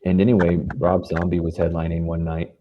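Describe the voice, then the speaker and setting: Deep-voiced man telling band stories. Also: a little fast, muffled recording, very noisy. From Los Angeles. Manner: animated storyteller, acts out quotes. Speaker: band member guest. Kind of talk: casual interview storytelling.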